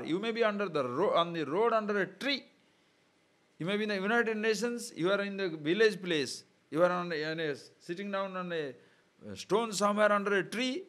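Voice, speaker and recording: A man giving a spiritual discourse, often putting rhetorical questions to his listeners. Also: high-pitched. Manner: animated, rhetorical questions to the audience. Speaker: spiritual teacher. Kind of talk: discourse on scripture.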